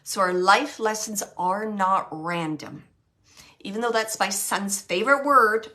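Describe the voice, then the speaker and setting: A woman's voice: medium pitch, unhurried, pushed and bright. A middle-aged woman hosting a casual live chat as a medium, rambling and correcting herself as she reassures viewers.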